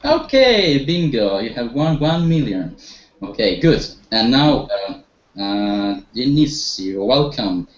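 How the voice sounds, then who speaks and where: Guy teaching english to a group online, pitch jumps all over, encouraging, echoey dull call audio. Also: sing-song, slow. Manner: encouraging, leads students with questions, some hesitations.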